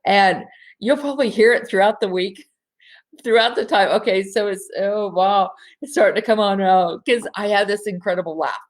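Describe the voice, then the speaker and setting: A woman hosting a live online session from home. She talks in a bubbly way, laughs often, speaks straight to her listeners and slows to a soft voice when guiding a breathing exercise. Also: mid-range voice. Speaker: host of an online women's gathering. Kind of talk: live-streamed coaching talk with guided breathing.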